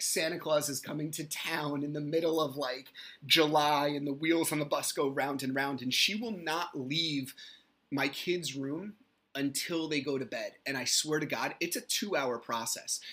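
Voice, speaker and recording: A man hosts a solo podcast. He talks at a middle pitch and rambles through a story about his kids, restarting lines and quoting them. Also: fairly bright tone. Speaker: podcast host.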